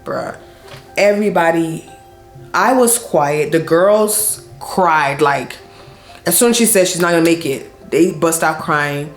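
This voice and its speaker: A woman's voice: deep voice, takes it slowly, soft background music. A young woman vlogger telling a personal story in casual, slangy speech full of fillers. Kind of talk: storytime vlog.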